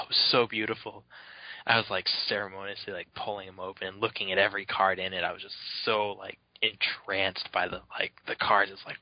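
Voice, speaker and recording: A man's voice: fairly low pitch, no room sound. A man co-hosting a podcast, telling a rambling story with lots of fillers and laughs. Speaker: podcast co-host. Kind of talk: casual chat, telling anecdotes. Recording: dull lo-fi dry recording.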